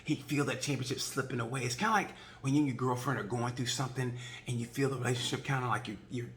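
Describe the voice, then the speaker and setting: A man giving a casual, rambling race recap, joking and acting out quick voices along the way. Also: medium pitch, fairly bright tone, slight background noise. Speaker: motorcycle racing video reviewer.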